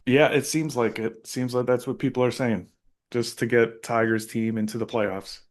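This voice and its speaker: A man of middle pitch chats in a relaxed, easygoing way on a comedy podcast. Between his own stories he mostly chimes in with short agreement. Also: moderate pace. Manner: laid-back, brief agreeing replies. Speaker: podcast co-host. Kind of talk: casual comedic chat.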